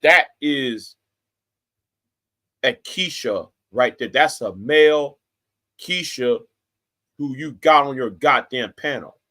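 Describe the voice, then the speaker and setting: Slowly and with long pauses, a man in his forties who does YouTube commentary hurls a threatening, profane rant directly at the camera, repeating himself for emphasis. His mid-range voice sounds pushed and bright.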